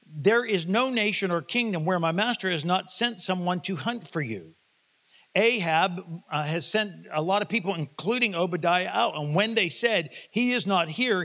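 A man's voice: high-pitched, fairly bright tone. A man preaching a sermon, reading scripture and retelling it in casual everyday words, asking the congregation to repeat phrases. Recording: reverberant hall.

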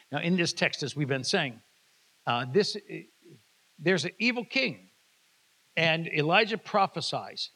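A man's voice: on the high side, a bit bright. A man preaching a sermon, reading scripture and retelling it in casual everyday words, asking the congregation to repeat phrases. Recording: reverberant hall.

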